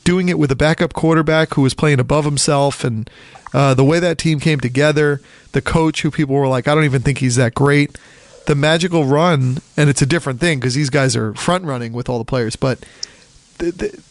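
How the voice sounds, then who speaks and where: A man from the Philadelphia area chatting casually about college basketball, rambling and animated, often acting out quotes. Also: on the high side, a little fast, no room sound. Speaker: podcast co-host. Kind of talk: casual sports chat.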